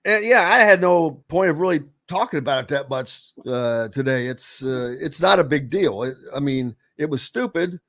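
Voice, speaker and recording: A man's voice: a little high, expressive, normal speed, few pauses, fairly bright tone. A man hosting a sports radio show, chatting casually and animatedly with a guest.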